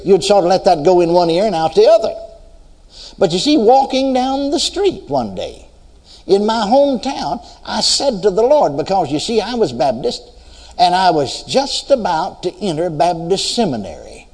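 A man's voice: high voice, very animated, normal speed, a little mellow, in a large hall. A man preaching a sermon, telling his story and quoting scripture in a swinging preaching cadence.

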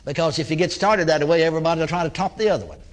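A man's voice: a little high, rapid-fire. A man preaching in a folksy storytelling sermon, acting out his talks with people who came for prayer and chuckling between points. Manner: folksy, acts out dialogue with congregants.

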